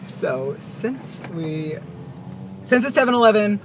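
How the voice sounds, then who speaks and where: Young guy vlogging, wildly animated. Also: high voice, slow pace, background noise. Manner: joking, laughing, shouting at times. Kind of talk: casual vlog chat. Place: outdoors at a park and gas station.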